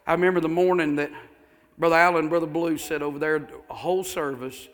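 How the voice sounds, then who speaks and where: A man's voice: a little high, steady tone, quick pace, a bit bright, faint music behind. A male pastor preaching a sermon, telling folksy stories with fervor and repeating his phrases.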